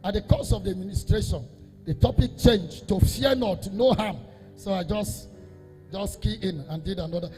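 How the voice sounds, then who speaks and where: A man, a Catholic priest, preaching an emphatic sermon that repeats phrases and swells into half-sung, shouted lines. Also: high voice, normal speed, in a large hall, faint music behind.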